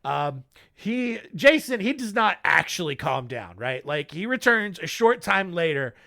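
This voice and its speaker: A male podcast host tells a story in a comic, rambling way and keeps cutting in on himself with jokes. His voice sits high and sounds bright. He talks at an unhurried pace. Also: sing-song, vocal fry. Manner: rambling, jokey, self-interrupting.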